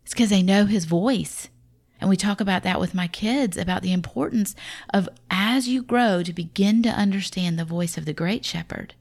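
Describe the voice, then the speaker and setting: A woman's voice: medium pitch, darkish tone. A woman with a Southern accent, a Christian mother talking through parenting in a casual, folksy, reflective devotional style.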